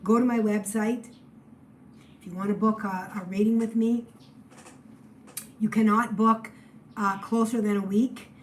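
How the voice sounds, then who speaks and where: Slow emotional lady doing a tarot reading, gets loud then goes all hushed, bit of faint noise behind. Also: medium pitch, rough recording. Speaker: tarot reader.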